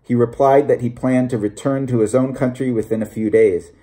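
A man reading a short story aloud in a measured, deliberate narration. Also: medium pitch, fairly even intonation, warm tone. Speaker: audiobook reader. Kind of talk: scripted narration.

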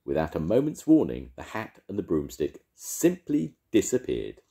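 Deep-voiced older man reading a story. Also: normal speed, vocal fry. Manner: gentle, expressive storytelling. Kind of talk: children's story read aloud.

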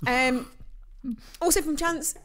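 A woman's voice: sits high, takes it slowly, fairly bright tone. A young woman co-hosting a podcast, teasing her co-host, giggling and reading listener emails in casual chat.

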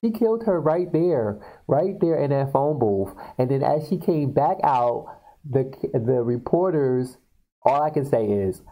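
A man casually retelling film scenes to viewers on his video channel, talking in an animated way with many fillers. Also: medium pitch, unhurried, rough recording. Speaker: video blogger. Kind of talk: casual storytelling.

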